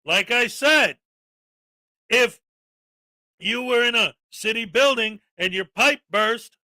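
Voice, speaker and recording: A man hosting a commentary show, ranting sarcastically and often shouting in exasperation. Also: very high voice, slow pace, dry recording, clean studio sound. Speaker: commentary channel host.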